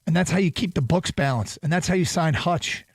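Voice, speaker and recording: A man hosting sports talk radio, reading listener texts and doing live ad reads in an animated way. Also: fairly high pitch, brisk, slightly rough, no room sound. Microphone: studio microphone.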